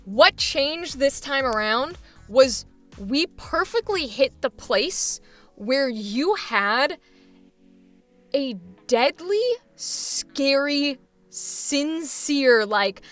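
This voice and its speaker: A woman's voice: sits high, animated, drawn-out words, a bit bright, soft background music. A woman coaching a voice actor, enthusiastic and encouraging, often laughing as she gives feedback. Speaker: voice acting coach.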